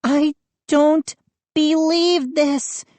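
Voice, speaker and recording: A woman's voice: lively intonation, slow, no echo. A woman voicing a frantic, indignant teenage girl who shrieks her lines. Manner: shrill, indignant.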